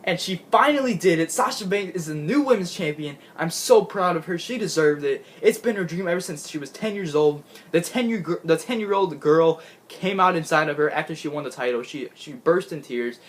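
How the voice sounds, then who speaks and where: A man giving an excitable, gushing casual recap of a show he watched, laughing often and restarting his sentences. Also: on the high side, fairly quick, few pauses. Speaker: wrestling fan recapping a show.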